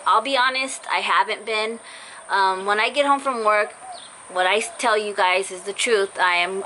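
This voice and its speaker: A woman's voice: mid-range voice, bright, forceful tone, a little hiss or hum, rough recording. A young woman talking casually and earnestly to her viewers, apologizing and rambling with fillers, her voice cutting in and out after being sick. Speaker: vlogger. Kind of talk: casual heartfelt vlog talk to viewers. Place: in a car.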